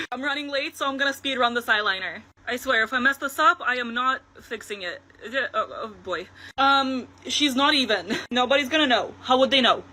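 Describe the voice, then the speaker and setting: A woman vlogger chatting excitedly through a makeup tutorial, laughing often. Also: sits high, moderate pace. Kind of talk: casual makeup tutorial vlog.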